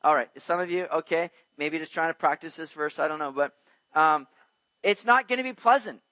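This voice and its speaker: A pastor with a fairly high-pitched voice preaches an expository sermon on Proverbs at a moderate pace, working verse by verse. He's animated, asking the congregation questions and acting out little everyday scenes. The recording is rough, with no room sound.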